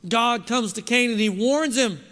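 A man preaches in a very high, bright voice, pressing his points home and throwing questions out to the congregation. His words ring out with a long reverb, as in a church hall. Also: moderate pace. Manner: emphatic, keeps asking the congregation questions. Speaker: pastor. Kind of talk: sermon.

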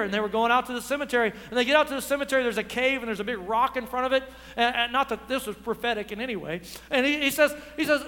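A man pastor preaching a lively sermon in church, acting out dialogue and building to shouts. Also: extremely high pitch, quick pace, long reverb tail. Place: church sanctuary.

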